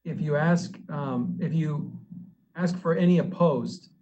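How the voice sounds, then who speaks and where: Soft-spoken man explaining meeting procedure. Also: a little high, dull audio, noisy background. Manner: procedural, polite, halting with restarts. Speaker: city planning staff presenting to a board. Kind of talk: virtual public meeting presentation.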